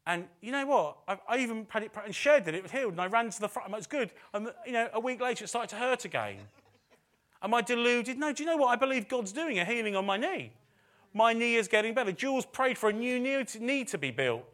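A man's voice: very high voice, expressive, quick pace, a bit bright. A middle-aged man preaching a sermon in a chatty way, with self-deprecating asides and phrases repeated for emphasis. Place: church service.

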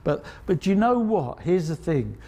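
Male preacher, Essex accent, slightly high voice, chatty and emphatic delivery that keeps checking in with the room. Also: sing-song, moderate pace, warm tone. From Essex, England. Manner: conversational, emphatic, checks in with the audience. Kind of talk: sermon.

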